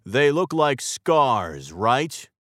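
A man voicing a patient, wise father who speaks slowly and calmly, in a textbook story reading. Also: medium pitch, no room sound, studio quality, full character voice. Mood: gentle, wise. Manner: slow, calm and instructive. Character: patient, wise father teaching his son.

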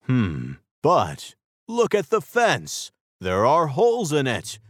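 A man voicing a patient, wise father who speaks slowly and calmly, in a textbook story reading. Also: medium pitch, no room sound, clean studio sound, full character voice. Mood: gentle, wise. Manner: slow, calm and instructive. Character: patient, wise father teaching his son.

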